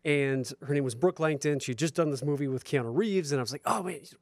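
A man, a guest on a talk show, telling self-mocking anecdotes in an animated, casual way. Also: medium pitch, quick pace, no echo. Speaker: guest actor turned real estate investor.

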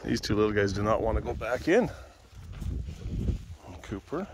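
A man vlogging outdoors on a walk with a handheld camera, calling out loudly in a high sing-song and chatting quietly in between. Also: quick pace, a little hiss or hum. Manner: calls dogs in a loud high sing-song, chats softly between. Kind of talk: casual vlog commentary.

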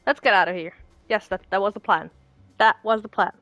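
A woman's voice: mid-range voice, brisk, fairly bright tone, no echo, soft background music. A woman casually chatting and thinking aloud while playing a game. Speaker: game streamer. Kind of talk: casual let's play commentary.

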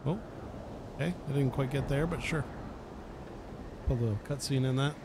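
A man's voice: medium pitch, normal speed, noisy background. A man casually commenting on a video game as he plays, chatty and sarcastic, swearing freely. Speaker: let's play host. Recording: game music under the voice.

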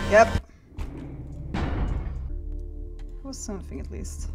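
A woman's voice: a little high, expressive, measured pace, long pauses, music in the background. A woman giving casual let's-play commentary, flustered and swearing, chanting "nope" over and over. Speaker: gaming video creator.

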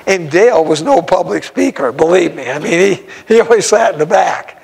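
A man's voice: high voice, animated, normal speed, creaky, darkish tone, husky, rough recording. A man, an evangelist, telling a story in a sermon in a folksy, exclamatory way with frequent chuckles.

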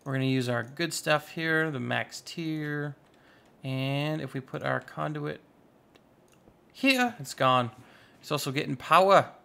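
Gravelly-voiced male gaming host, unhurried, joking at his own expense while he plays. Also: a little high, a bit bright. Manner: playful, goofy, self-mocking. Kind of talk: casual let's-play commentary.

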